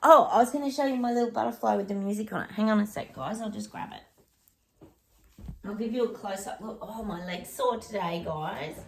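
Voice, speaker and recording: Gravelly woman, chatty psychic. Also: mid-range voice, brisk, slight background noise. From Australia. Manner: chatty, addresses viewers as guys, sings snatches of songs. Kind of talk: casual direct-to-camera reading.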